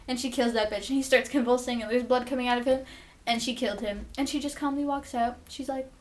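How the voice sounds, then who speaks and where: Young woman vlogger, fairly high voice, chatty and excitable, swears freely, acts out the quotes. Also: quick pace. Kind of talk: casual TV episode recap.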